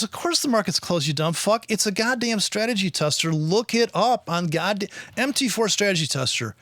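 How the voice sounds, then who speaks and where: A man's voice: high voice, lively intonation, moderate pace, a bit bright, no echo, studio quality. A man hosting a podcast, ranting in a profane, sarcastic way. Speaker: podcast host and trader. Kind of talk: casual podcast rant.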